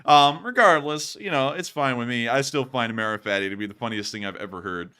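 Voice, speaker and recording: A young man hosting a casual livestream and reading donations, animated and quick to laugh. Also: mid-range voice, clean tone. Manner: animated, laughs often, swings loud and quiet.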